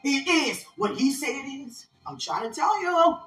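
A woman's voice: high-pitched, expressive, measured pace, fairly bright tone, roomy sound. A woman preaching a prophetic sermon, calling out to her listeners as she tells of a vision. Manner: fervent preaching, call-outs to listeners.

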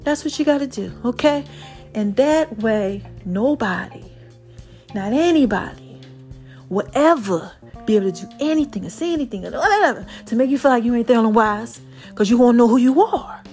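Faint background music accompanies a fairly high-pitched woman with a New York accent hosting a podcast. At a moderate pace she drawls through a lively, casual pep talk, now and then breaking into song.

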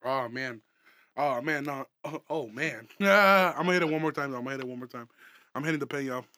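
Young man, comedy podcast host, loose and profane, bright tone, dry close recording. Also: medium pitch, fast talker, no echo. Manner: loose, profane, laughing often, rambling. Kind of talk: casual comedy podcast chat.

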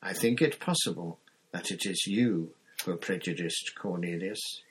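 A man voicing an old, wise male headmaster who speaks calmly and quietly. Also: sits low, a little hiss or hum, lightly acted, low-quality recording. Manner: calm, quiet, measured.

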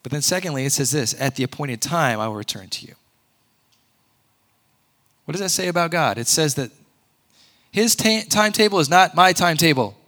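Bright-voiced earnest male preacher. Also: a little high, animated, a little fast, pauses often. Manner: conversational, earnest, with sudden loud emphatic peaks. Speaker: pastor. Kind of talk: sermon.

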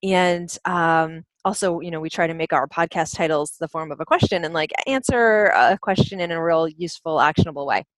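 A woman's voice: low-pitched, brisk, few pauses, no echo. A woman co-hosting a podcast, talking in a chatty, playful way. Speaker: podcast co-host. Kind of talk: casual chat.

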